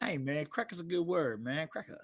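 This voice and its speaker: A man's voice: fairly high pitch, lively intonation, fairly quick. A male podcast co-host in casual comedic chat, teasing and laughing often.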